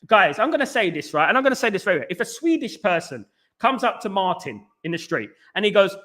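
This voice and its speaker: A man hosting a casual football fan livestream, reading viewer comments and giving repeated shout-outs, with a Northern English accent. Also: high-pitched, sing-song, fast talker.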